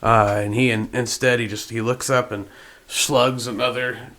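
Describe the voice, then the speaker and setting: A man's voice: mid-range voice, little pitch movement, moderate pace, fairly bright tone. A man narrating a tabletop game as game master, loosely and with many fillers.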